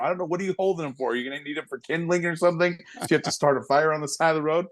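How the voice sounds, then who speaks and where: A man in his forties, a police officer and stand-up comic, chatting in an interview and telling jokes with lively impressions. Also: fairly high pitch, very fast, few pauses. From United States. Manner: animated storyteller, slips into impressions of people. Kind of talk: casual interview chat.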